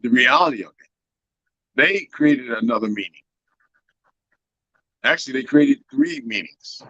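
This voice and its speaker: A man's voice: mid-range voice, big pitch swings, unhurried, creaky, bright, forceful tone, no room sound, lo-fi sound. A man lecturing in a casual talk-show chat, full of his own theories. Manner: lecturing, talks about himself as a linguist. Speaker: guest.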